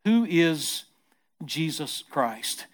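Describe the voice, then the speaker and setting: A middle-aged man preaching a sermon as pastor, swinging from quiet, soft passages to loud, emphatic ones and repeating words as he builds. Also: on the high side, very animated, extremely slow.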